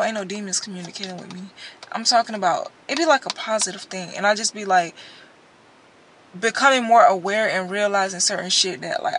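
A woman's voice: mid-range voice, a little hiss or hum. A young woman, ranting bluntly and profanely to her viewers in a casual vlog. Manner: blunt, profane, animated storytelling. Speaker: vlogger. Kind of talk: casual unscripted rant to viewers.

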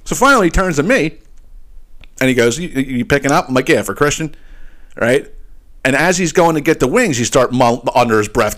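A man hosting a podcast, telling a story as a casual comic rant, swearing often and keeping his listeners in with quick asides. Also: fairly high pitch. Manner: profane, animated, keeps asking "right?". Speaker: podcast host.

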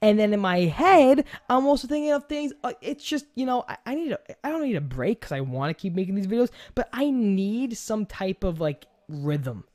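A man's voice: high-pitched, moderate pace, hardly any pauses. Young new york guy hosting a podcast, rambly, swears a lot, keeps restarting sentences. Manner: rambling, animated, swears casually, repeats himself. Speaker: podcast host. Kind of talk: casual podcast chat.

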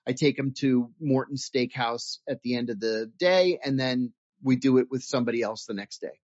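A former intelligence officer telling stories in an interview, earnest and animated, often restarting his sentences. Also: mid-range voice, moderate pace, no echo. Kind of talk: interview storytelling. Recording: dull dry lo-fi audio.

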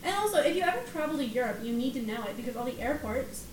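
A woman's voice: sits high, animated, racing, slight background noise, low-quality recording. A young woman co-hosting a podcast, talking in an emphatic, rambling way and swearing casually. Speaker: podcast co-host. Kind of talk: casual chat.

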